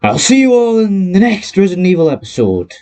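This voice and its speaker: A man's voice: high-pitched, big pitch swings, fairly quick, warm tone. A teenage boy from North East England with a North East English accent, chatting cheerfully in a casual vlog and laughing between sentences, recorded on a headset mic. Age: teens. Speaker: YouTuber.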